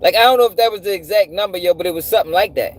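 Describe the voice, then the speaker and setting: A man hosting a live stream, animated and profane, repeating himself and firing off rhetorical questions. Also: sits high, very fast, slight background noise. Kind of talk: casual commentary to a live audience.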